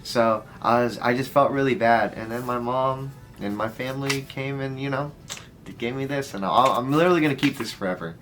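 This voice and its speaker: A man's voice: medium pitch, fairly quick, a bit bright, a little hiss or hum. A man in his early twenties telling a heartfelt story in a rambling way, full of fillers. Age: 20s. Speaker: storyteller vlogger. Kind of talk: casual story time.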